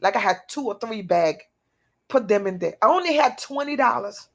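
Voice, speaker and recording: A woman giving an emotional personal testimony, halting and repetitive, speaking earnestly. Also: mid-range voice, lively intonation. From outside America.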